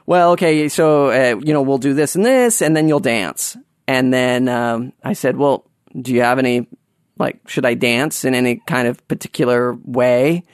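Rambling man telling a story, slightly high voice. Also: no room sound, studio quality. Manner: rambling, many fillers and restarts. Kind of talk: casual anecdote telling.

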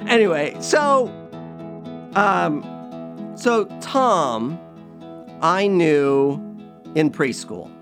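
A man's voice: a little high, expressive, drawn-out words, long pauses, over music. A man telling stories in a casual, rambling, self-mocking monologue as a podcast host.

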